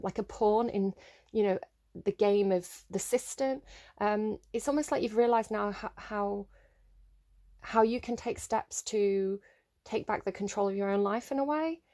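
A woman's voice: medium pitch, dark tone. Rambling woman reading tarot. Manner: rambling, thinking aloud with many fillers. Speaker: tarot reader. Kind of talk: casual solo tarot reading.

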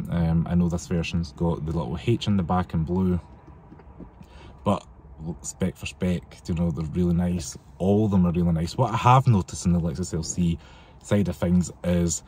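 Deep, husky man vlogging. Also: warm tone. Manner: chatty, rambling, with laughs. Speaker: car vlogger. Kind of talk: casual chat. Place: outdoors in wind and cold.

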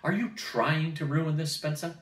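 A man doing a gruff, barking flight captain. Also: a little high, unhurried, pitched above the performer's own voice, lightly acted. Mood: angry hiss. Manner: curt, barking commands. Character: gruff older male flight instructor, stern captain. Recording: roomy, distant mic.

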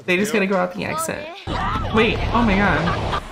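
A woman's voice: mid-range voice, normal speed, a loud crowd. A young woman reacting live to an anime episode, exclaiming and gasping as she watches. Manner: excitable, frequent gasps and exclamations. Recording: loud show soundtrack playing under her voice. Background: anime episode music and dialogue.

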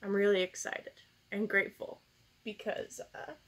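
A woman's voice: mid-range voice, little pitch movement, moderate pace. A woman tarot reader in a casual vlog, emotional and teary, sighing and laughing as she rambles gratefully. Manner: soft, rambling, many fillers. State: tearful.

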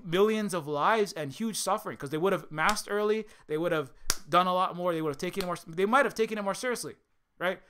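A man's voice: sits high, sharp tone, smooth. A man from Hawaii giving a heated unscripted monologue, repeating words and restarting his sentences. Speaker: video essayist.

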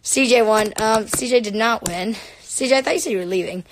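Bubbly high-voiced female live-streamer. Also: a little fast, a little hiss or hum. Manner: bubbly, excitable and chatty. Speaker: livestream host. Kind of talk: casual live-stream chat with viewers. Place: her bedroom. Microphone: laptop or phone live stream.

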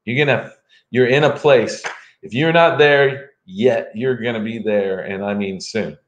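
A man's voice: mid-range voice, a little slow. A middle-aged man giving a live tarot reading for viewers, playful and joking between cards. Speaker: tarot reader. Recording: roomy echo.

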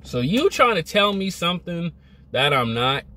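A man's voice: a little high, sing-song, moderate pace, pushed and bright. A young man vlogging a motivational rant, emphatic, repetitive and scolding.

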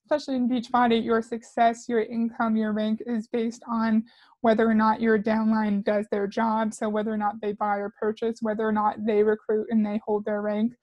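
A woman's voice: fairly high pitch, monotone, normal speed, darkish tone, no echo. A woman commentator reacting to clips with sarcastic, skeptical remarks. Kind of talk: critical commentary.

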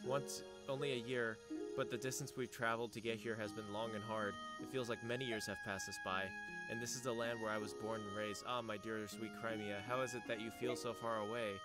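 A man voicing a gentle, earnest young princess, reading her game dialogue aloud in a plain, even voice. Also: on the low side, a little fast, lightly acted. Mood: wistful. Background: loud game music.

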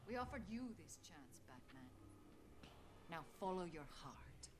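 Talia, a poised assassin heir. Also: female voice, deep voice, a little slow. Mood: commanding. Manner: calm, formal and commanding. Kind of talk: video game cutscene acting. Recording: game audio under gameplay noise.

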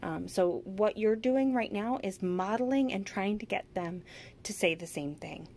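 A woman demonstrating a sentence-building activity for children, modeling each phrase slowly and with strong emphasis in an upbeat teaching manner. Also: medium pitch, darkish tone, a little hiss or hum. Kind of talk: instructional demonstration.

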